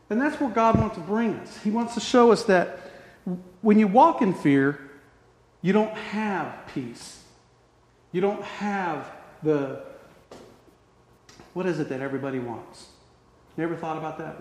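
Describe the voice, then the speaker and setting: A man preaching a sermon with passion, shifting between loud emphasis and hushed, quiet tones. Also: fairly high pitch, animated, moderate pace, pauses often. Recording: echoey hall.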